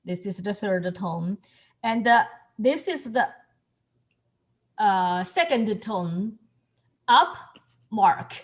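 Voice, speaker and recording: Slow, halting woman teaching on a video call. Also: mid-range voice, lively intonation. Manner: halting, repeats words, laughs often. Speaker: Mandarin tone teacher. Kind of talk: online class instruction.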